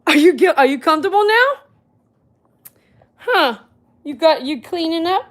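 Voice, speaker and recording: A woman's voice: high-pitched, expressive, normal speed, pauses often. A woman at home chatting playfully with her dogs, scolding them and laughing often. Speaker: vlogger, dog groomer. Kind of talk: casual talk to her dogs. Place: at home indoors.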